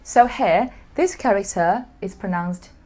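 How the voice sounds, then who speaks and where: A woman teaching an online language lesson, explaining clearly and dropping to a whisper for asides. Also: medium pitch, a little slow, darkish tone.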